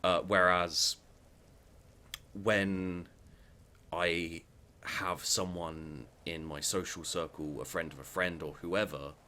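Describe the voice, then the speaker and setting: A deep-voiced man rants into his own vlog with a faint hiss in the background. He is blunt and sweary and circles back over his own phrases as he argues his point. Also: steady tone, slow, pauses often, bright, forceful tone. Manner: blunt, sweary, repetitive restarts. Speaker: vlogger. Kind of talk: heated opinion rant.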